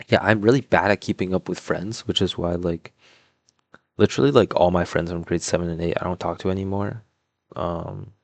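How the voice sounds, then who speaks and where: A young man tells a personal story in a deep, monotone voice. He meanders, leaning on "like" and "um", half-distracted by a puzzle. The sound is dry and close. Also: no room sound. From Toronto, Canada. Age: young adult. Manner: rambling, filler-heavy, lots of "like" and "um"; laid-back, mumbling asides while doing a puzzle. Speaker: vlogger. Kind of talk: casual storytelling.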